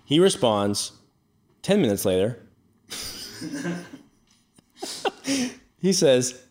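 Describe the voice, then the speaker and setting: A young man in his twenties on a loose, joking podcast, reading phone messages out loud and laughing between them. He teases his co-host with an easy, mid-pitched voice. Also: sing-song, extremely slow, pauses often. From United States. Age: 20s. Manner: reads out chat messages, laughs often, teasing. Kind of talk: casual chat.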